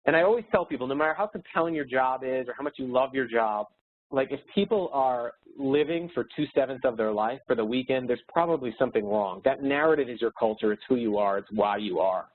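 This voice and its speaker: A man's voice: mid-range voice, brisk. A man giving a motivational webinar presentation as a speaker and educator, earnest and upbeat. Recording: tinny phone-like webinar audio.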